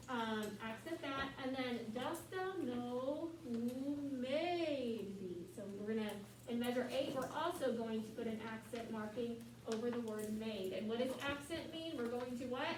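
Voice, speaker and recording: A woman teaching a choir class, explaining markings and chanting the lyrics slowly for students to repeat. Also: fairly high pitch. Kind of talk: classroom music lesson. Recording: echoey classroom from far off, noisy.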